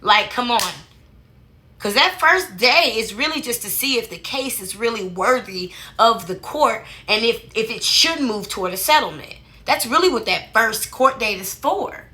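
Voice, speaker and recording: A woman's voice: on the high side, lively intonation, moderate pace, bright, forceful tone. A woman hosting a casual commentary, talking in a sassy, colloquial way with laughing asides. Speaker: commentary host.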